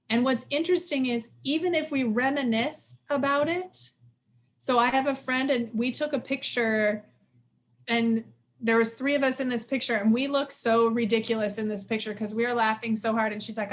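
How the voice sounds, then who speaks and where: Fast-talking woman presenter in her forties. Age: 40s. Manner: fast, animated, acts out quotes with sudden high voices. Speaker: presenter of a workshop on stress. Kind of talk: casual live lecture.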